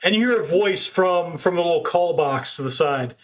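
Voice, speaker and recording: Guy gm narrating a tabletop game, kinda high pitched, laid back rules talk. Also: moderate pace. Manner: relaxed, rules explaining. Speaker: game master.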